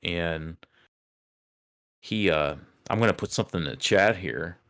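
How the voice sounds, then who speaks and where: A man's voice: sits low, a little slow, a bit bright, clean tone. A man running a tabletop game as game master, rambling with many fillers as he narrates.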